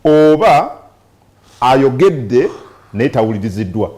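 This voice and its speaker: A Ugandan man with a mid-pitched, even voice presenting a newspaper review on a talk show. He reads passages aloud at a measured pace and comments in a mix of English and Luganda. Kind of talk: press review reading and discussion.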